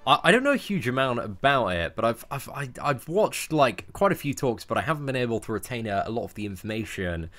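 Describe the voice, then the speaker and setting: A man's voice: mid-range voice, sing-song, fairly quick, few pauses, a bit bright, soft background music. A young man with a southern English accent, a streamer chatting casually on a call, laughing and rambling with lots of "man" and "like". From England. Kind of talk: casual chat.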